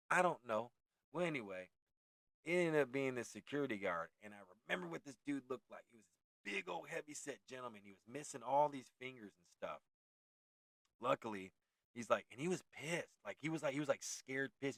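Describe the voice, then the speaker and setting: A man's voice: medium pitch, moderate pace, fairly bright tone, no echo. A man around forty from California, telling a haunted story in a rambling, profane, laid-back way, full of tangents and self-corrections. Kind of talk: casual storytelling.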